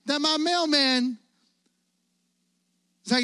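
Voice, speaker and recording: Energetic youth pastor, dry close sound. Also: male voice, high voice, moderate pace, no echo. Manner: casual, energetic, asks the audience questions. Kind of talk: youth sermon with storytelling.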